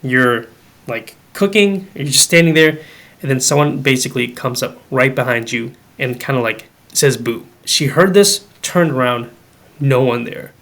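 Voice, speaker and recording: A young man appearing as a podcast guest tells a family ghost story in casual conversation, speaking at medium pitch and normal speed. He's animated, acting out the dialogue he quotes and using lots of fillers like "like" and "um."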